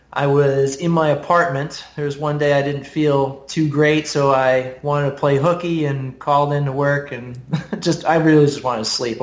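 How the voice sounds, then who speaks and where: A young man casually sharing his personal testimony, rambling with fillers, small laughs and throat clearing. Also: medium pitch. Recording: roomy echo.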